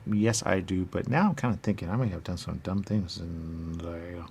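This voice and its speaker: A man's voice: deep voice, moderate pace, creaky, darkish tone, slight background noise. A man as a radio host, delivering a rambling comic monologue and asking and answering his own questions in repetitive loops. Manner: rambling and silly.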